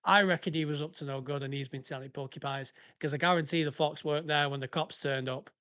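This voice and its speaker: A man's voice: on the high side, steady tone, fast talker, sharp tone. A man, a podcast host and former police officer, giving heated, sweary commentary on listener stories. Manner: sweary, heated and ranting, breaking into laughs. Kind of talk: ranting casual commentary on listener submissions.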